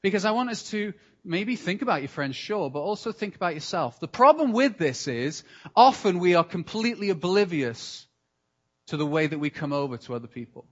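A man's voice: sits high, sing-song, fairly quick, muffled recording. British man preaching a chatty sermon. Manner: conversational and practical, with asides. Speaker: pastor.

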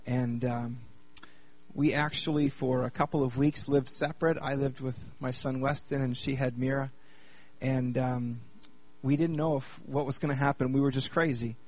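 A man from Canada in his thirties giving a personal testimony talk to a live group, joking with the crowd and then speaking more quietly about hard times. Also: medium pitch, normal speed. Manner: lively and chatty with the audience, turning quieter while telling a hard personal story. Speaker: speaker at a youth gathering.

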